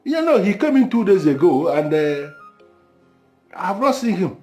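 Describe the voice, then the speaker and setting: A man's voice: high-pitched, sing-song, a little mellow. An anxious Nigerian father. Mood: anxious pleading. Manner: anxious, halting, questioning. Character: anxious middle-aged father, fretful and pleading. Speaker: worried father searching for his son. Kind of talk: film drama acting. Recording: film soundtrack with faint music.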